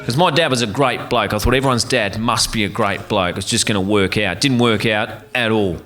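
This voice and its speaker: A man's voice: on the low side, brisk, sharp tone, faint music behind. A male stand-up comedian with a blunt, sardonic delivery.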